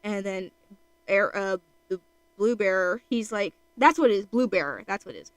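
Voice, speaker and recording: A woman's voice: medium pitch, lively intonation, moderate pace, clean tone, no room sound, low-quality recording. A woman streamer chatting casually while she draws, rambling with lots of fillers.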